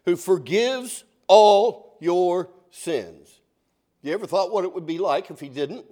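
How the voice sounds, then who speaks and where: High-voiced man preaching a folksy sermon. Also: takes it slowly, mellow. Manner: folksy, asks the congregation questions. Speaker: pastor.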